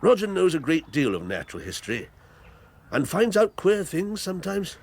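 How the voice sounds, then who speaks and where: A fond, talkative old squire in a period radio play, rambling from one thing to the next. His husky, gravelly voice swoops up and down with great liveliness. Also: high voice, big pitch swings, moderate pace, a little mellow, exaggerated voice. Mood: genial. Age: older. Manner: bluff, rambling and fatherly. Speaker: Squire Hamley. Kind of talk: 1980s radio drama acting.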